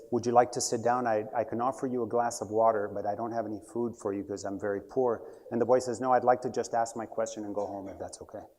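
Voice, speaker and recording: Guy telling a story in a short talk, adds side jokes, normal pitch. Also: mellow. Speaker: speaker giving a short talk.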